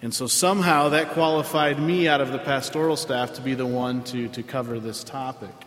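A man, a pastor giving a sermon in a conversational way with frequent filler pauses. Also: medium pitch, steady tone, fairly bright tone. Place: church sanctuary. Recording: roomy hall with long reverb.

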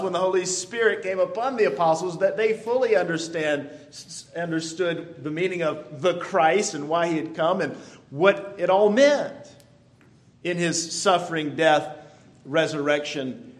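A man preaching a sermon, stretching out key phrases with deliberate emphasis. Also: high voice. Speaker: pastor.

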